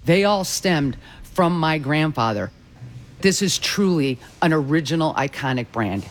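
A man who owns a restaurant talks in an interview, proud and emphatic. His voice sits slightly higher than most men's. He stresses each point as he makes it. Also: animated, a little slow. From Detroit. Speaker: restaurant owner.

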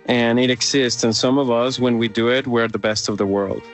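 Excited Mexican-accented man talking opera. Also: medium pitch, normal speed, faint music behind. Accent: Mexican Spanish. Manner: enthusiastic, restarts often, sings out demonstrations. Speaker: opera company director, interviewee. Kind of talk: casual interview talk.

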